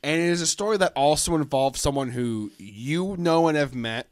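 A man's voice: on the high side, animated, moderate pace, a little hiss or hum. Man telling a rambling crude story. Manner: rambling, acts out voices in anecdotes. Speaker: podcast host. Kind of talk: casual storytelling.

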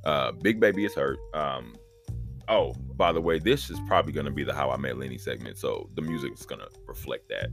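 Man, very deep voice, podcast host, casual rambling monologue, profane and animated. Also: fairly quick, creaky, faint music behind.

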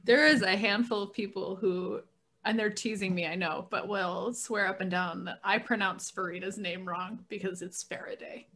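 A guest author chatting casually, telling relaxed, amused stories. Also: medium pitch, normal speed. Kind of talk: casual chat.

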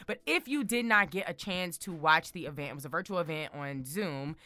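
A young woman chatting casually to her viewers, bold and excitable, repeating words for emphasis. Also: deep voice, brisk, dry recording. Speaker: vlogger.

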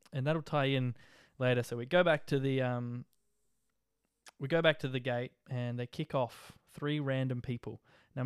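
Australian man, young adult, casual storytelling, animated, slangy, dry close recording. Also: mid-range voice, no room sound. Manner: animated, slangy, jokey rhymes. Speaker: social media vlogger.

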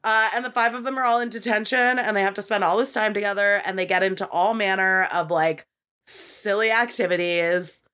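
A woman's voice: mid-range voice, fairly even intonation, brisk, bright, forceful tone, clean tone. A woman hosting a podcast, talking casually with many filler words and plenty of swearing. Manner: chatty, profane, frequent "like" fillers. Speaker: podcast host. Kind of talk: casual chat.

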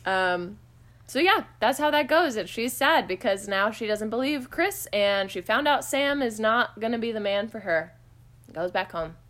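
A woman with a slightly high voice recaps a movie for her podcast co-hosts. She talks casually, with a wry edge and plenty of "like" fillers. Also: expressive, normal speed, fairly bright tone. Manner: chatty, wry, lots of "like" fillers. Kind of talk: casual chat.

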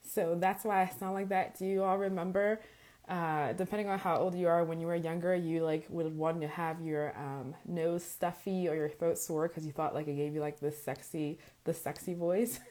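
A woman with a raspy voice from a sore throat, hosting a casual live stream as a faith coach, greeting viewers by name and checking in with "okay?". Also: lowish voice, steady tone, normal speed, a little mellow.

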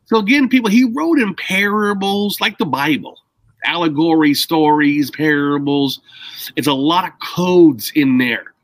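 A man's voice: a little high, measured pace, no room sound, poor audio. A man co-hosting a casual chat, explaining at length in a rambling, emphatic way and stressing key words.

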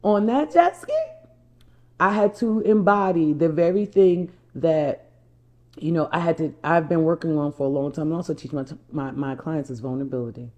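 At a normal speed, a low-voiced, mellow woman from New Jersey speaks as a life coach, recounting a personal story straight to her viewers. She is emphatic, keeps repeating herself and calls them y'all.

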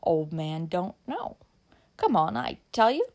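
A woman's voice: lowish voice, wildly swooping pitch, slow, a little mellow, exaggerated voice. A half-drunk young man in an old storybook, slurring and pressing his luck, as a woman narrator puts him on. His words drag and stagger loosely. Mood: drunken pushy. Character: tipsy young man, reckless and pushy.

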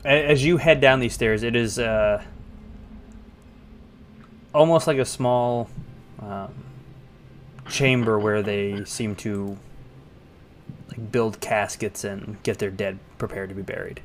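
Low-voiced man running a tabletop game. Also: slow, pauses often, slight background noise. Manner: relaxed, hesitant with frequent fillers. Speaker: game master.

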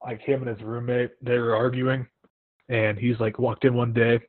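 A young man hosting a casual chat, telling animated stories and acting out what people said. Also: medium pitch, moderate pace. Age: young adult. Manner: animated storytelling with acted-out quotes. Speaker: podcast host. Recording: tinny phone-like line, dry.

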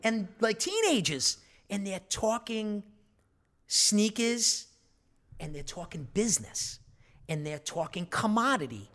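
A man's voice: high voice, sing-song, slow pace, fairly bright tone. A man telling a long story in casual chat, profane and rambling.

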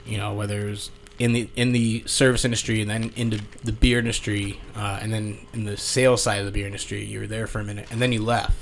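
A man's voice: on the low side, little pitch movement, quick pace, creaky, hardly any pauses, slight background noise. A man co-hosting a podcast, easygoing and swearing freely in casual chat. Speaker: podcast co-host.

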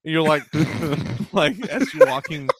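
A man's voice: a little high, very animated, slow pace, a little hiss or hum. A man telling a rambling, giggly story in casual chat, full of "like".

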